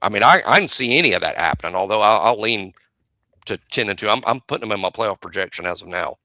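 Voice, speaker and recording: A man's voice: on the low side, animated, fast talker, pushed and bright, no echo. A man co-hosting a casual sports podcast, giving chatty analysis with stammering restarts. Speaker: podcast co-host.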